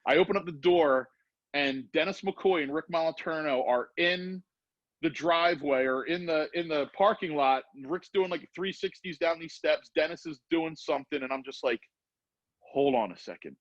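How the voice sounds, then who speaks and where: Male podcast guest, lively storyteller, slightly high voice, dry lo-fi recording. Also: moderate pace, dry recording. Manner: animated storyteller acting out quoted voices. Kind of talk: casual storytelling.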